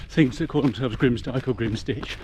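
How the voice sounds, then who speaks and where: A man's voice: medium pitch, normal speed, a little mellow. A middle-aged man giving a chatty, explanatory commentary while running a muddy rural trail. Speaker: vlogger. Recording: noisy outdoor recording.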